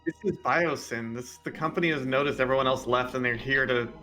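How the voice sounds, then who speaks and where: A man's voice: medium pitch, fairly quick, sharp tone, soft background music. A man doing casual game commentary, chatty, explaining the play and laughing easily.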